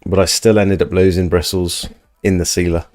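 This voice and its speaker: A man's voice: low-pitched, level tone, normal speed, darkish tone, dry recording. A man hosting a casual livestream, chatting and reading out viewer comments. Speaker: livestream host.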